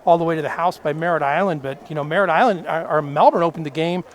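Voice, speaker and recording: Man, color commentator, rambling, halting, higher voice, faint outdoor noise. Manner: rambling, halting, lots of fillers and restarts. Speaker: color commentator and camera operator. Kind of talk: local sports commentary. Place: outdoor camera platform in the rain.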